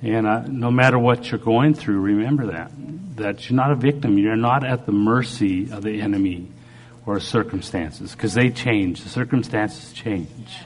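A middle-aged man preacher giving a halting, earnest personal testimony during a sermon while recovering from a stroke. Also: fairly low pitch, slight background noise. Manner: earnest, halting, with frequent restarts.

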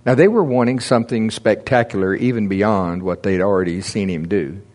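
A man's voice: fairly low pitch, normal speed, a little mellow. A man preaching a casual, conversational sermon, reading scripture and explaining it with frequent chuckles.

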